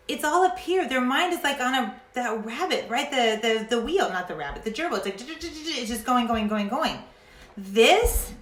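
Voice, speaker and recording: A woman talking straight to her viewers with a fairly high, bright, sharp voice. She is chatty and passionate, and she slips into ranting now and then. The room around her sounds echoey. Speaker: essential oils educator. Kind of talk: casual vlog talk to camera.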